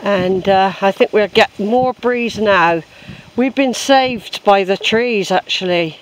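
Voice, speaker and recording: A man's voice: high voice, slow, a little hiss or hum, poor audio. Chatty man hiking outdoors. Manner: chatty, rambling, talks to viewers as folks. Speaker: hiker filming his walk. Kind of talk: casual walking vlog. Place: outdoors on a hillside path.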